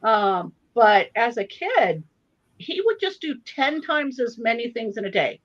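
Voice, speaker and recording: A woman author telling a funny family story at a live online event, in an animated, expressive manner. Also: on the high side, measured pace, muffled recording. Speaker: author and guest reader.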